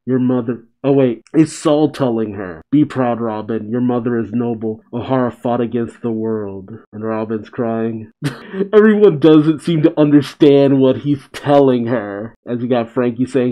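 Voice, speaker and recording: A man reading a comic chapter aloud and reacting to it, animated and close to tears at times. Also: mid-range voice, normal speed, lo-fi sound. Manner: excitable, reads aloud then comments, chokes up. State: emotional, tearing up. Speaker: reaction video host.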